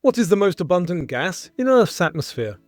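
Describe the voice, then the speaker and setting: A man hosting a scripted quiz show, reading out questions and answer choices in a clear, measured way. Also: sits high, big pitch swings, no room sound. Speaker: quiz host.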